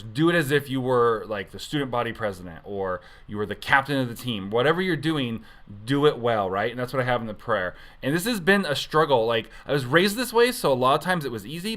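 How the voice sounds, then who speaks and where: A man's voice: mid-range voice, fairly bright tone. A man giving a casual devotional talk as a youth pastor, rambling and conversational, often correcting himself mid-sentence.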